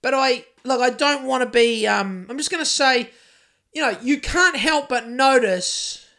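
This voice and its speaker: A woman's voice: high-pitched, measured pace, a bit bright. A woman co-hosting a podcast, telling stories in a casual, ranting way and swearing a lot. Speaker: podcast co-host. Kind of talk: casual chat.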